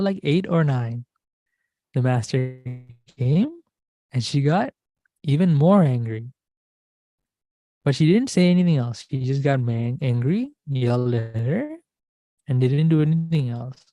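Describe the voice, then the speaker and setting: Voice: medium pitch, dark tone, no room sound. A Dhamma school teacher telling a teaching story as a lesson, repeating key words and asking the listeners questions. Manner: repetitive, asks the class questions.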